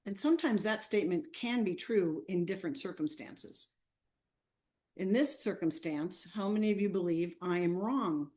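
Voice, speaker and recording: A woman's voice: fairly low pitch, normal speed. Woman presenter telling a classroom story. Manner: animated storytelling with acted quotes. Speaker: seminar presenter. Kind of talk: online training seminar.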